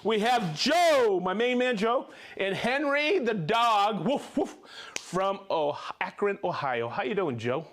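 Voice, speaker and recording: Upbeat male livestream host, high voice, reads viewer shout-outs quickly. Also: lively intonation. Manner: upbeat, rattles off names and places, stumbles on pronunciations.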